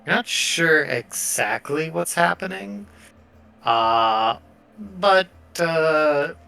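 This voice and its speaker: A man narrating a tabletop game as game master, relaxed and hesitant, with frequent fillers. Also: on the high side, drawn-out words, vocal fry.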